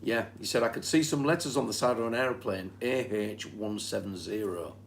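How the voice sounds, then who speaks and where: A man's voice: on the low side, animated, fairly quick. A man from Britain in casual chat, reading back notes from a session in a conversational way. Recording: faint background noise.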